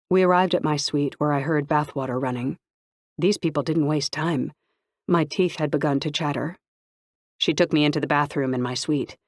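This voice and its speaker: Reading a first-person novel aloud, the narrator keeps an even, steady storytelling delivery at a mid-level pitch. The audio is close and dry.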